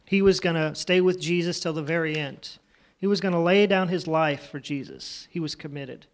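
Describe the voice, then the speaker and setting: A man with a high voice teaches a Bible story to children. He talks in a loose, conversational way, retells scenes in his own words and keeps turning to the kids with questions. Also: normal speed.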